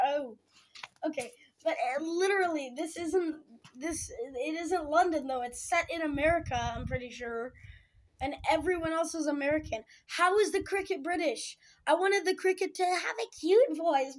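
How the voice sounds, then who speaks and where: A woman's voice: high voice, normal speed. A young woman reviewing a film in a casual, dramatic and sarcastic way, ranting in exasperation.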